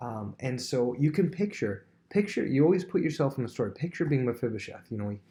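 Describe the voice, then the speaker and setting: A man teaching a Bible lesson to students, telling the story in a lively way and acting out the characters' words. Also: medium pitch, fast talker. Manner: animated storyteller who acts out quotes.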